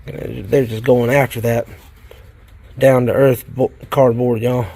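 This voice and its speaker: A man's voice: mid-range voice, level tone, slow pace, gravelly, darkish tone. A man with a Southern US accent, chatting folksily to viewers in a rambling, casual way while tending his worm bins in a shed. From South Carolina, US. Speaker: worm farmer vlogger. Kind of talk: casual vlog chat while working. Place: garden shed.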